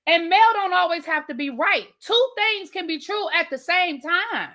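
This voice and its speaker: Bright-voiced woman chatting live. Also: very high-pitched, animated, normal speed. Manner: chatty, emphatic, talks straight to chat. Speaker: livestream host reviewing reality TV. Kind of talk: casual livestream chat with viewers.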